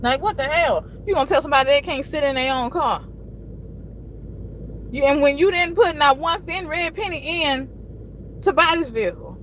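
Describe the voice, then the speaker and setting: A frustrated woman in her thirties rants on a casual live stream, her voice pitched high as she vents and swears freely. A faint hiss of noise sits under her talk. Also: moderate pace, pauses often, a bit bright, poor audio. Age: 30s. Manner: frustrated, venting, frequent cursing.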